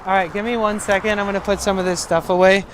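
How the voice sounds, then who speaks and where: A young man with a slightly high voice talks loosely to his live-stream viewers, cursing casually as he goes. He is out on a city street, and faint traffic and street sound drift behind him. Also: little pitch movement, fast. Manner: loose and chatty, swears casually.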